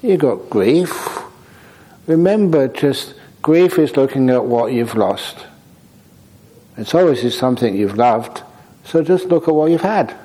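A man, a Buddhist monk answering audience questions in a dharma talk, humorous and anecdotal in an unhurried way. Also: mid-range voice, warm tone, rough recording. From Australia.

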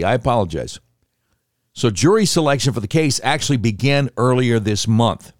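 A man's voice: medium pitch, dry recording, clean studio sound. Sardonic male news commentary host. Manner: conversational, sarcastic asides, self-correcting. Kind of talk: casual news commentary reading articles.

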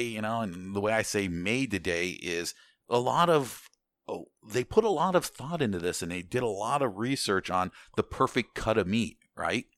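Deep-voiced rambling American man. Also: fairly bright tone, dry recording, studio quality. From United States. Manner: rambling, many restarts, swears casually. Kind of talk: casual chat.

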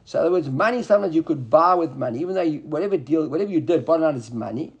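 Talmud teacher, male, husky, high-pitched, lively classroom delivery. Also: very fast, muffled recording. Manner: animated, often rising high to act out buyer and seller.

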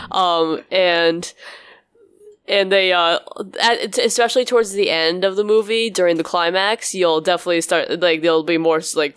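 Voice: medium pitch, a bit bright, clean tone, dry recording. A co-host in a casual film review, rambling with many fillers such as "like" and "um". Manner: rambling, heavy use of "like" and "um".

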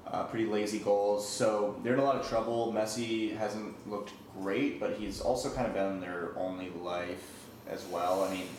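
Deep flat-voiced man, echoey and distant. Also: moderate pace. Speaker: podcast co-host. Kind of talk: casual sports analysis. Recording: distant echoey mic with noise.

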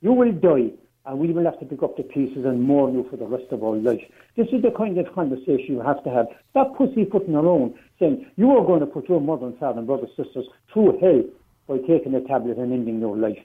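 A man calling a radio show, speaking as a parent in a forceful, insistent way. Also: medium pitch, animated, fast. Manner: forceful, insistent, repeats for emphasis. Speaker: phone-in caller, parent. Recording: phone line.

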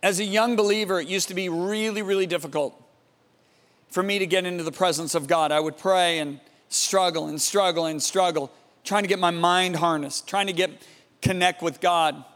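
A man preaching a sermon, telling a story dramatically and dropping to a hushed, awed tone. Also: high-pitched, fairly even intonation, moderate pace, big-room sound. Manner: dramatic, swings from loud emphasis to hushed awe.

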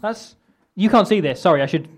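A young man hosting comedy banter, with a slightly raised pitch. He rambles with lots of ums and giggles at his own puns. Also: expressive, fairly quick. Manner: rambling, self-mocking, giggly. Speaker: comedy podcast host.

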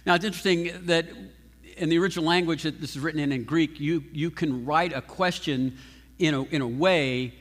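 A man preaching a sermon as pastor, animated and emphatic, often restarting his sentences. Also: a little high. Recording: long hall reverb.

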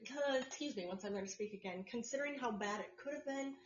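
A woman's voice: on the high side, fast talker, a little hiss or hum. A woman co-hosting a podcast in casual chat, explaining at length with plenty of fillers and restarts. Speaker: podcast co-host. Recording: roomy, dull lo-fi sound.

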